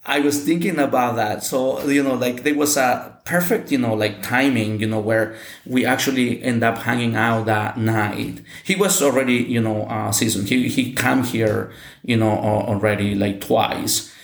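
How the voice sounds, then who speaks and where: A man from Mexico, telling his life story in casual English and often pausing with "you know" and restarts. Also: mid-range voice, steady tone, creaky. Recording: roomy echo.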